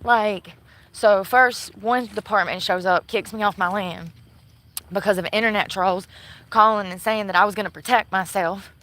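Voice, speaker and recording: Outdoors at night near a shopping center, a woman livestreams on her phone camera, ranting bitterly and swearing nonstop. Her voice is medium-pitched, moderately paced and fairly bright, though the audio quality is poor.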